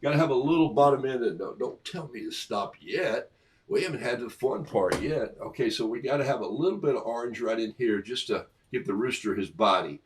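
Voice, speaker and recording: Coughing today but still chatty, a middle-aged man paints on a livestream and explains each stroke as he goes, enjoying his own jokes. He speaks fairly quickly in an animated, medium-pitched voice.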